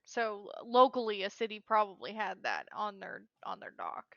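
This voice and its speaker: A woman's voice: medium pitch, big pitch swings, gravelly, fairly bright tone, no echo, dull audio. A woman co-hosting a casual gaming podcast, chatty and frank. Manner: chatty, frank, quick to laugh. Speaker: podcast co-host. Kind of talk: casual chat.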